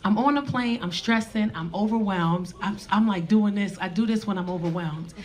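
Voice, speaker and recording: On stage at a live club, a woman comedian tells a brash, profane story and acts out every part while the audience laughs in the background. Her voice is medium in pitch with a darkish tone, her pace is moderate, and there's slight background noise.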